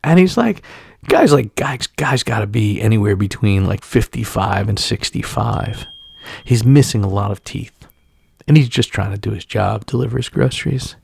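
A middle-aged man from Staten Island with a gravelly edge spins a rambling story, stumbling and restarting as he goes. The sound is close and dry. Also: on the low side, animated, darkish tone, dry recording. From Staten Island, New York. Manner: rambling, halting with many restarts and fillers. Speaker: podcast co-host. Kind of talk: casual storytelling chat.

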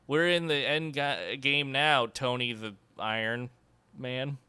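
A man's voice: medium pitch, slow, sharp tone, clean tone, no echo. A man co-hosting a casual podcast chat, playful with theatrical flourishes.

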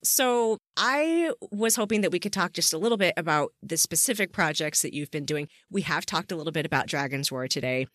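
Enthusiastic low-voiced woman podcast host. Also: expressive, a little fast, few pauses, fairly bright tone, dry recording, studio quality. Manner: enthusiastic, upbeat. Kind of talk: casual interview.

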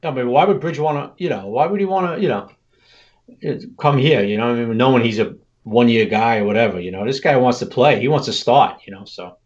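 A man's voice: mid-range voice, a little fast. Frank man on a dull lo-fi line. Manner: frank, conversational, many "you know"s. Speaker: podcast co-host. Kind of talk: casual sports talk.

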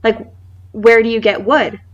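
A woman in her thirties co-hosting a podcast, telling a funny story in casual chat, animated and laughing often. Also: a little high, moderate pace, muffled recording. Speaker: podcast co-host.

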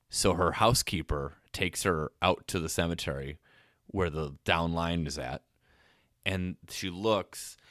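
A man's voice: deep voice, no room sound, clean studio sound. A man co-hosting a podcast, casually retelling a TV episode with lots of laughs. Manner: animated storyteller, laughs often. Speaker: podcast co-host.

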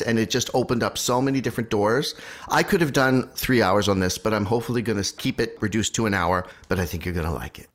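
A man hosting a podcast, chatting eagerly about history with a co-host. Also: medium pitch. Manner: dramatic slow reading, then excited chatter. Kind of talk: casual podcast chat.

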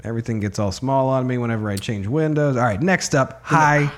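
A man's voice: mid-range voice, a little fast. A man co-hosting a casual podcast, loose and swearing as he moves things along. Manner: loose and swearing, runs the segments. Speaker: podcast co-host. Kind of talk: casual profane podcast chat.

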